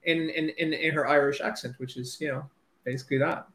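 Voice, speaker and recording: A male fantasy author chatting casually on a livestream, excitable and rambling, swearing freely as he talks. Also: on the high side, a little fast, gravelly, echoey room.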